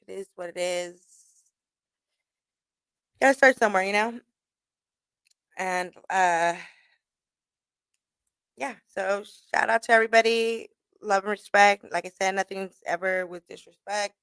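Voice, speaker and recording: Young woman, radio host; casual swearing storyteller, mid pitch, dry close sound. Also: clean tone, dry recording. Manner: profane, laughing, animated retelling.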